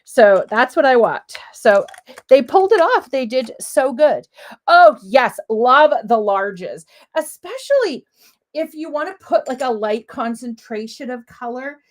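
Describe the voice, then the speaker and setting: Bubbly, lively woman demonstrating crafts. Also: sits high, unhurried. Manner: chatty, bubbly and talkative. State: sniffly with a cough. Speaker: papercraft demonstrator. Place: home craft room.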